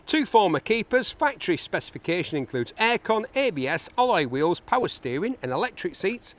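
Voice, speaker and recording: Presenting cars for an auction, a man gives chatty walkaround commentary packed with jokey asides to himself. His voice sits high, sing-song and a bit bright, moving fairly quickly in an echoey large hall.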